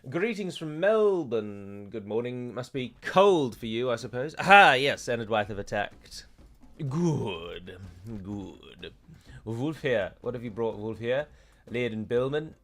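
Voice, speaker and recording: A man's voice: medium pitch, big pitch swings, takes it slowly, a bit bright. Chatty British man streaming a war game. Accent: British English. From United Kingdom. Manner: chatty, with mock-heroic pronouncements. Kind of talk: live gameplay commentary.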